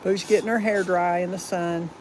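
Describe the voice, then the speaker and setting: A woman's voice: fairly low pitch, steady tone, moderate pace, background noise. A woman with a Southern US accent hosting a casual livestream, chatty and rambling but firm about rude viewers. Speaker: livestream host. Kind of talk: casual live chat.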